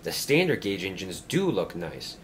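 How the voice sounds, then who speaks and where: A shy, eager old narrow-gauge engine who talks in a raised, excitable voice, as a man plays him. His pitch jumps around a lot. Faint ambience is heard behind him. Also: normal speed, a little hiss or hum. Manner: eager, wide-eyed.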